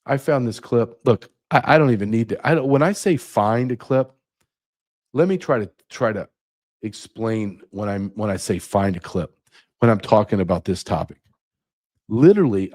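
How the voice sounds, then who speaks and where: A man's voice: on the low side, a little mellow. A man hosting his own show, delivering an indignant opinion monologue with sarcastic asides. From United States. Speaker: podcast host.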